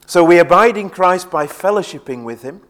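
A man's voice: sits high, lively intonation, moderate pace, a bit bright. A man preaching a sermon in an earnest way, often repeating words as he presses a point.

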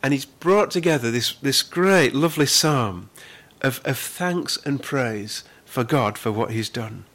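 A man's voice: medium pitch, fairly bright tone. Earnest male pastor preaching. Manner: earnest, repeats words, slows down to stress scripture. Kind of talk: sermon.

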